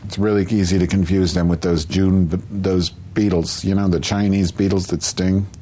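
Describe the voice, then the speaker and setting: Low-voiced sarcastic man bantering. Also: flat delivery, moderate pace, dark tone, slight background noise. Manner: sarcastic, mock-offended banter. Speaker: podcast co-host. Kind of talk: casual chat.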